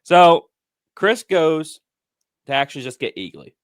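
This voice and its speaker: A man's voice: a little high, expressive, a little slow, clear, resonant tone, dry recording, clean studio sound. A man co-hosting a casual podcast, retelling scenes with acted-out quotes, frequent laughs and swearing. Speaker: podcast co-host.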